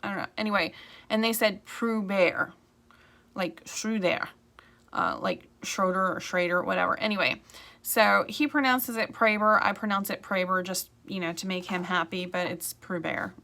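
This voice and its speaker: A woman's voice: fairly low pitch, steady tone, normal speed, bright, forceful tone. A woman real estate agent talking casually to camera, chatty and rambling, with frequent asides.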